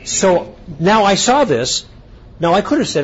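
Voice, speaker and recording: A man's voice: on the high side, measured pace, breathy edge. Guy lecturing at a conference, voice swinging up and down a lot, dull lo-fi sound. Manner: animated storytelling, acting out both sides of a dialogue. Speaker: speaker at a conference. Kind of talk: lecture with anecdotes.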